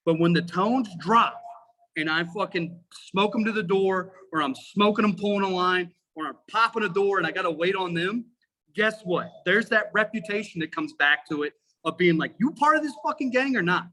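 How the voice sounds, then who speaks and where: A man in his forties talks on a podcast with a high, bright, forceful voice. He swears constantly and speaks with real emphasis, all fired up. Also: moderate pace, low-quality recording. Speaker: podcast guest, firefighter lieutenant. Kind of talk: casual podcast chat.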